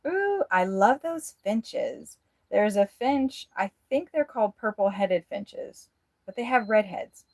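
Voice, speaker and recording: A woman's voice: medium pitch, lively intonation, slow pace, no room sound, clean studio sound. A woman vlogger giving a rambling, frank tour of her RV, chatting casually and swearing freely. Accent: Midwestern American. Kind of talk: casual chat. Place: inside an RV.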